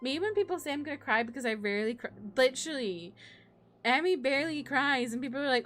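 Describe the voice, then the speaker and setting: A young woman streamer chats casually while gaming, ranting sarcastically and laughing often. Her high voice moves quickly with lively intonation and a fairly bright tone.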